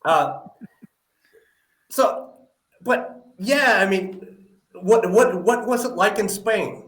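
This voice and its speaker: A man's voice: high-pitched, very slow, a bit bright, echoey room. A man hosting a live podcast interview, friendly and asking follow-up questions with lots of hesitations. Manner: friendly, asks follow-up questions, many "uh" fillers. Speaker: podcast host.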